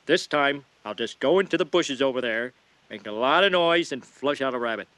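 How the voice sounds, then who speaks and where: A man's voice: mid-range voice, animated, moderate pace, a bit bright, no room sound, natural voice. An actor playing a gullible, bumbling middle-aged cartoon father who is easily swayed. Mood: confident. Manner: dim, easily swayed, blustering. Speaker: cartoon character.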